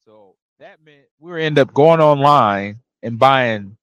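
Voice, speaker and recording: A man's voice: mid-range voice, no room sound, rough recording. A former running back hosting his own show, telling stories casually and acting out what people said, laughing often. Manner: relaxed, laughs often, acts out quotes. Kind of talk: casual storytelling.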